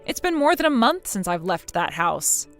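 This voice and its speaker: A woman voicing a cool, sarcastic young wife in a scripted text-message drama, mocking quietly. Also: mid-range voice, big pitch swings, normal speed, soft background music.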